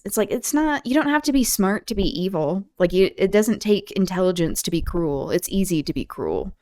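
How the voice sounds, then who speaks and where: A woman's voice: medium pitch, animated, brisk, hardly any pauses, a little mellow, no echo. Woman host, casual streamed book talk, blunt, irreverent, swears. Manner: irreverent, blunt, frequent fillers, swears freely. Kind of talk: casual reading and commentary on a livestream.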